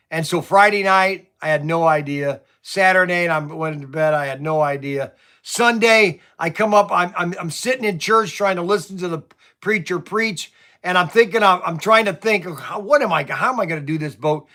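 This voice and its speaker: With a high-sitting, pushed and bright voice at a moderate pace, a middle-aged Ohio toy shop owner rambles on his livestream. He vents his frustrations and tells stories, stammering and frequently starting over.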